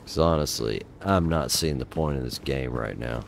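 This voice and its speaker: Gravelly deep-voiced middle-aged gamer. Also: male voice, moderate pace, a little hiss or hum. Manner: exasperated, profane, talking to himself. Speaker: gaming channel host. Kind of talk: live gameplay commentary.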